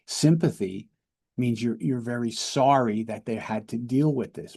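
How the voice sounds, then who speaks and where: Gravelly, husky man teaching a training lecture. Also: medium pitch, a little slow, warm tone. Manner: explanatory, repeats words and checks in with "right?". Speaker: police lieutenant and de-escalation instructor.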